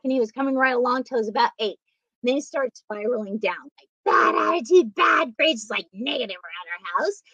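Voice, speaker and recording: A middle-aged woman tells stories from her own life in a fairly high voice, and she acts out the lines of the people in them. The recording is muffled and dry, with no room sound at all. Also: fairly bright tone, no room sound. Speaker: guest speaker. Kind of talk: personal storytelling interview.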